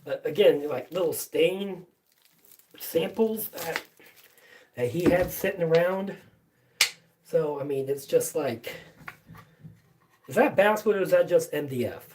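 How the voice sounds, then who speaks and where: Slow, rambling streamer far from the mic. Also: mid-range voice, expressive, a little mellow. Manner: rambling, many fillers and restarts, casual swearing. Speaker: livestream host. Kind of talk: casual live-stream chat. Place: basement workshop.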